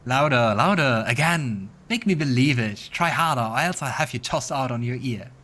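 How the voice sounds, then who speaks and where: A man's voice: mid-range voice, animated, normal speed, sharp tone. Man doing a pompous would-be king. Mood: bossy. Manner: bossy, boastful. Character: pompous greedy male mercenary dreaming of kingship.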